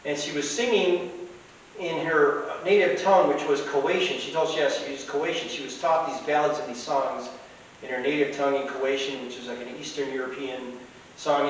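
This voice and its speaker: A man telling casual anecdotes as a podcast host, rambling along with frequent fillers and restarts. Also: fairly high pitch. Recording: very echoey room, mic at a distance, faint hiss.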